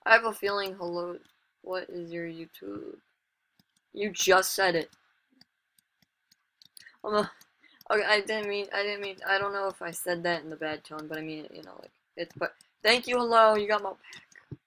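A woman casually commentating her own online gameplay as a channel host, chatty and excitable, with sudden exclamations and self-mocking remarks. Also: mid-range voice, moderate pace, long pauses.

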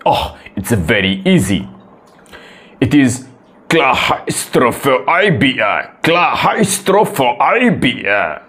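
A man's voice: mid-range voice, very animated, unhurried. A man playing a stubborn, overconfident lady student who boasts in broken English and drags out her words. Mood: boastful. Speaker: comedy sketch creator. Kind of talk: comedic sketch acting.

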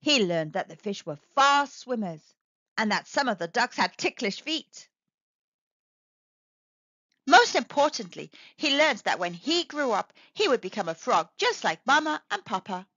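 Animated woman reading a children's story. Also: a little high, measured pace, no echo. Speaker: storybook reader. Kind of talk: children's read-aloud narration. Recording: dry, slightly dull recording.

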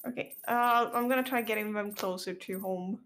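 A woman's voice: medium pitch, moderate pace, a bit bright. A woman chatting casually while playing a co-op game, often flustered and exclaiming. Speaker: gamer. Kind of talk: casual co-op gameplay chat.

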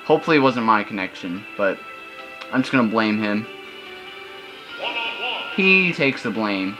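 A man's voice: on the low side, animated, a little slow, rough recording. A young man hosting casual gameplay commentary, chatty and loose, breaking into frustrated outbursts. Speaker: gaming channel host. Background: video game music.

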